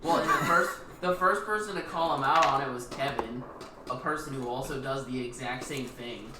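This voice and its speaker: A man's voice: mid-range voice, normal speed, recorded from a distance. A man rambles through a dry complaint in a casual chat. He sits back from the mic in an echoey room, under a thick layer of noise.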